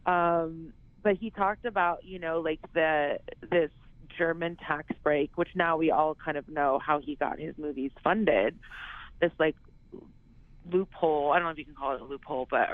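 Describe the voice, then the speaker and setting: A woman's voice: low-pitched, steady tone, moderate pace, dry recording. A woman being interviewed who rambles casually, filling her talk with "like" and "you know". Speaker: actress, interview guest. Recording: tinny phone line.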